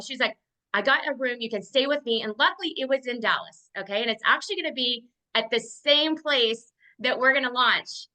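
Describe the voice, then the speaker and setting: A woman's voice: fairly high pitch, pushed and bright, poor audio. A woman and team leader giving an earnest motivational testimonial on a video call, with a lot of "like" in her speech.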